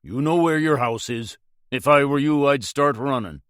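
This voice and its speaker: A man voicing a calm, menacing gunman. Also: medium pitch, normal speed, no echo, studio quality, pitched above the performer's own voice, natural voice. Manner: calm, mocking threats. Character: cool, menacing gunman hero.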